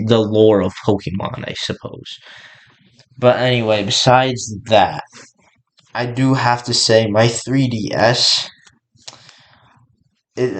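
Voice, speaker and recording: A man's voice: fairly low pitch, poor audio. A young man rambling casually in a gaming vlog, restarting his sentences often. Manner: rambling, many restarts and filler words. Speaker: gaming vlogger.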